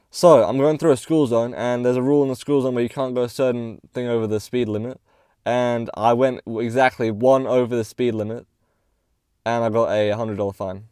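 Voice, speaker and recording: A man's voice: mid-range voice, darkish tone, clear, resonant tone, no room sound, studio quality. A young man telling a casual storytime, slangy and swearing often, acting out the other people's lines as he goes. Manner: slangy, swears often, acts out quoted dialogue. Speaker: vlogger.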